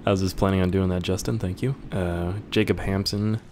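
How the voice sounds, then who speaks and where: Low-voiced young man reading viewer questions. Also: fairly even intonation, normal speed, a little mellow, a little hiss or hum. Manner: joking, offhand, swears casually. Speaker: YouTuber answering viewer questions. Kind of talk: casual Q&A, reading questions aloud.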